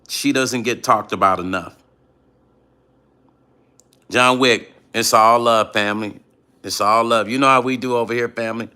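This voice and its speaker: Middle-aged man, late-night stream host, animated storyteller, bright forward voice. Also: mid-range voice. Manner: animated storyteller, addresses viewers as family. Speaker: musician hosting a late-night livestream. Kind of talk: casual late-night chat, reading viewer comments.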